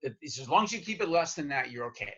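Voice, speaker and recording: A man from Canada, a guest in an interview conversation, speaking in a halting way with many restarts as he cites studies. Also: mid-range voice, very animated, pushed and bright, breathy edge. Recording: slightly muffled lo-fi audio.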